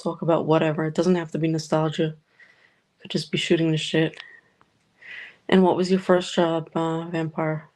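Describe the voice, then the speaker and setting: A woman's voice: low-pitched, flat delivery, moderate pace, pauses often, a little mellow, poor audio. A woman hosting a loose, rambling livestream chat from her home, talking casually with viewers and swearing freely. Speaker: livestream host. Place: home room with a noisy fish tank.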